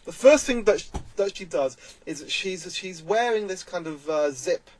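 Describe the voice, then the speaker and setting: A man talking in an earnest, emphatic way, with a voice pitched a little above most men's. He speaks as a vlogger giving casual commentary and circles back to press his points home. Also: animated, normal speed, poor audio.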